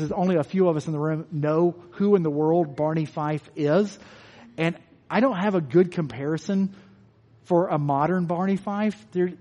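A man preaching a sermon in a conversational, animated way, often restarting his phrases, to people in a church hall. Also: a little high. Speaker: pastor. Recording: long hall reverb.

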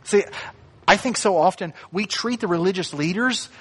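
A man with a fairly high voice delivers a sermon in an easy, conversational way. He acts out the lines he quotes and drops in light asides. His voice carries a long reverb from the church around him. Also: moderate pace, fairly bright tone, breathy edge. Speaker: pastor.

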